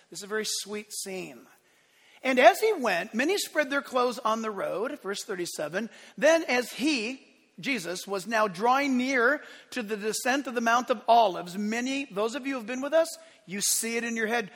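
A man pastor preaching a sermon in an animated, playful way, acting out voices with shouts and laughter. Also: extremely high pitch. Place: church sanctuary. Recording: long church hall reverb.

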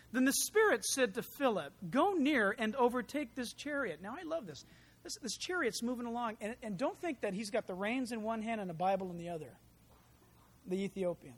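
A man preaching a sermon in an animated, conversational way, full of asides and rhetorical questions. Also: high voice. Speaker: pastor.

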